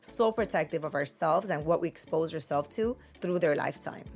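A woman's voice: low voice, fairly quick, gravelly, darkish tone. A woman on a parenting podcast, talking in a reflective, rambling way with lots of fillers. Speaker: mother on a parenting podcast panel. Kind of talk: casual podcast conversation.

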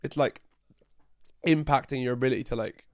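A man's voice: mid-range voice, fairly even intonation, fairly quick, darkish tone, no echo, studio quality. A young man in casual podcast chat who teases, laughs, and cuts in often. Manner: teasing, laughing, interjecting. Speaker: podcast co-host.

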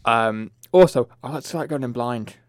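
A man co-hosting a casual film review podcast, talking in a relaxed, rambling way. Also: mid-range voice, normal speed, dry recording, studio quality. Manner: relaxed, rambling, many fillers. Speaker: podcast co-host.

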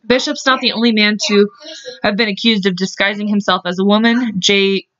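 A woman's voice: medium pitch, steady tone, fairly quick, a bit bright, no room sound. A woman co-hosting a podcast in casual chat, reading history notes aloud in a chatty, blunt way with jokes and the odd swear. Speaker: podcast co-host. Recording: dull lo-fi recording.

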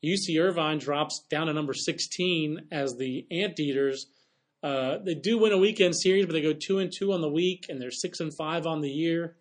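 A man hosting a sports podcast with a voice pitched a bit above the usual. He talks in a quick, chatty way and tosses in playful asides. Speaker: podcast host. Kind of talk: casual sports chat.

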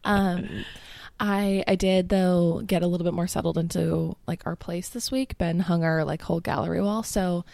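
Groggy, gravelly young woman chatting. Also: lowish voice, fairly even intonation, normal speed, mellow, no room sound, studio quality. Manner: chatty, laughing often, many "like" fillers. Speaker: podcast co-host. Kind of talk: casual chat.

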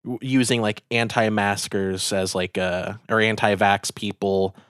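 A man in casual conversation, relaxed and wry, thinking aloud. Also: on the low side, a little slow, smooth, no room sound, clean studio sound. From United States.

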